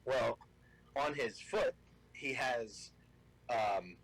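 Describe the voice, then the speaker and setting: A man's voice: mid-range voice, drawn-out words, creaky, husky, low-quality recording. A man telling a funny hunting anecdote as a guest on a casual show. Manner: animated anecdote teller. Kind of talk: casual storytelling.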